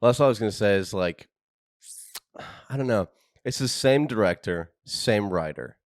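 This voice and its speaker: Lively low-voiced man joking around. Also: moderate pace, no room sound, studio quality. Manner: animated, jokey storytelling. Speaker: podcast co-host. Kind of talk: casual chat.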